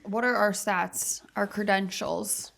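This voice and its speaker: A woman's voice: mid-range voice, steady tone, slow pace, vocal fry, a bit bright. A woman in her twenties co-hosting a casual podcast chat with laughing, teasing banter. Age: 20s. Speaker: podcast co-host.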